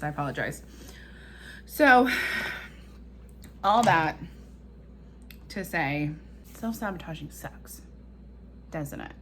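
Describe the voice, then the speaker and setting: With a fairly low, somewhat bright voice and slight background noise, a woman who is a mother and vlogger pours out emotional, rambling confessions to her viewers, almost thinking aloud.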